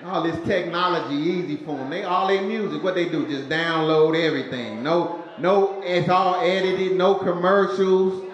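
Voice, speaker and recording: A man's voice: sits high, fairly even intonation, moderate pace, few pauses, echoey room, highs cut off. A male stand-up comedian telling stories to a crowd with a punchy, storytelling delivery. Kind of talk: stand-up routine.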